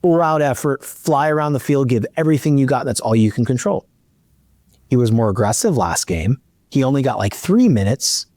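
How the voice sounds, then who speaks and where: This middle-aged man is an animated podcast host who acts out dialogue while telling a long story in casual talk. He speaks at a moderate pace in a mid-range voice, recorded dry with clean studio sound.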